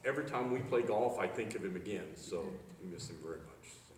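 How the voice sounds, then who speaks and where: A man giving halting memorial remarks about a friend, with many fillers. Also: on the low side, expressive. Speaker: eulogy speaker. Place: outdoor memorial service. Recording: echoey hall from far off, faint noise.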